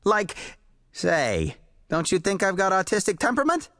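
A man voicing an excitable, boastful male pulp writer who rambles eagerly in folksy slang. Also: high-pitched, moderate pace, no echo, studio quality, voice pushed up, heavily acted. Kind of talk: audiobook character voice.

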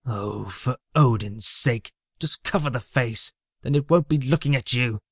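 A man's voice: medium pitch, unhurried, slightly rough, no echo, clean studio sound. A man voicing an arrogant trickster god who sneers and hisses his threats. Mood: menacing. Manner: sneering, hissing.

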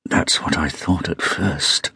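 A man voicing a guarded adult lover, speaking low and curt. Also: steady tone, slow, creaky, sharp tone, husky, no echo, clean studio sound, heavily acted.

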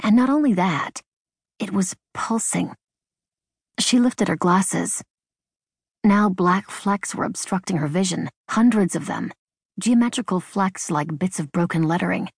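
A woman reading an unabridged novel in measured, even scripted narration. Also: fairly low pitch, gravelly, breathy edge, dry recording. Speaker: audiobook narrator. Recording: dry studio booth.

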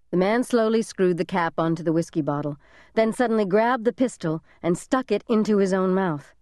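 Woman reading a thriller audiobook, measured and even, dry studio sound. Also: fairly low pitch, dry recording. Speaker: audiobook narrator. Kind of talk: scripted narration of a thriller.

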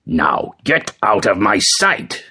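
A man voicing a stern, angry middle-aged father who gives slow, harsh commands in a husky voice. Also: on the low side, expressive, a bit bright, full character voice. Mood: furious.

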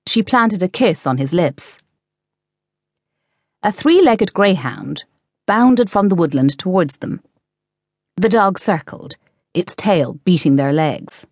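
A woman reading a novel aloud as audiobook narrator, in measured scripted narration. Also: lowish voice, expressive, no room sound, studio quality. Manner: measured storytelling.

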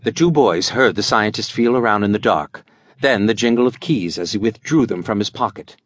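A man reading an adventure audiobook as scripted narration, with animated storytelling. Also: on the low side, fairly quick, no echo.

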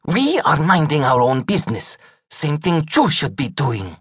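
A man voicing a grim, menacing female cat who talks in a cool, flat way. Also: fairly high pitch, a little slow, slightly rough, dry recording, studio quality, pitched above the performer's own voice, heavily acted.

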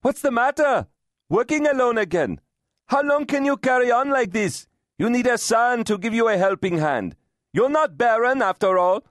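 A mocking young village man with a high, strained voice, jeering and needling. A male narrator puts him on in a dry, close reading. The audiobook voice rises far above its usual low register. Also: animated, moderate pace, no echo. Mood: taunting. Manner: taunting, mocking. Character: sneering young village man, slack-jawed brother-in-law.

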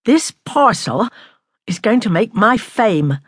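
A woman's voice: a little high, very animated, moderate pace, slightly rough, dry recording, studio quality. Woman voicing an eager young astronomer man. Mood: exultant. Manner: eager, fervent. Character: earnest young male astronomer. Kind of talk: audiobook character reading.

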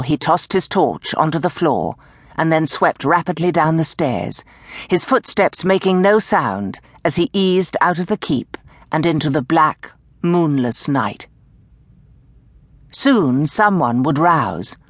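A woman with a fairly low voice tells the story slowly and dramatically, sinking into hushed tones when characters whisper. Her reading swings widely in pitch. The recording is close-miked and dry, with no room sound around her. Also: no echo. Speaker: audiobook narrator. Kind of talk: scripted narration of a historical romance. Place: recording booth. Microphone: close studio mic.

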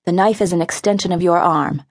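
A woman's voice: lowish voice, steady tone, brisk. A woman voicing a stern older brother. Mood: instructive. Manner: instructive, firm. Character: stern older brother giving knife lessons. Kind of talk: audiobook character voice.

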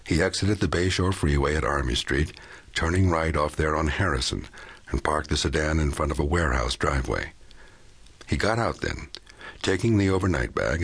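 A male audiobook narrator with an extremely deep, husky voice. He reads in a measured, even storytelling manner. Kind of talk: scripted narration.

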